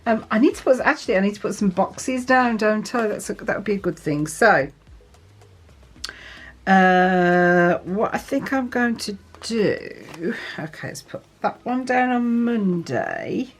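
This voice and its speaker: A woman's voice: medium pitch, expressive, measured pace. Chatty woman journaling on camera. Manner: chatty, asks viewers tag questions, laughs often. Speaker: planner vlogger. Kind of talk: casual chat while journaling.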